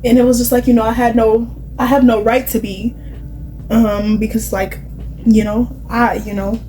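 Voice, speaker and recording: A woman's voice: fairly high pitch, little pitch movement, moderate pace, warm tone, a little hiss or hum, low-quality recording. A young woman, rambling and confiding as she chats through her makeup routine, with plenty of "like" and "you know". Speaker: vlogger. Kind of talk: casual chatty vlog while doing makeup.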